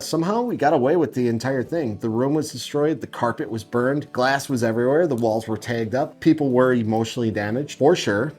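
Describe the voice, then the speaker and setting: A man's voice: mid-range voice, fairly quick, few pauses, faint music behind. Profane, sarcastic male storyteller. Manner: profane, sarcastic, self-mocking, animated. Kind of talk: confessional storytelling monologue.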